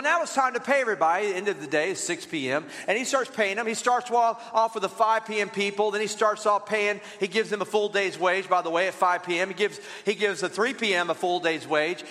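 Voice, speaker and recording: A man preaching as a pastor, telling a parable in an animated storytelling way and acting out the voices of its characters. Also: high-pitched, long reverb tail. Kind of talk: sermon.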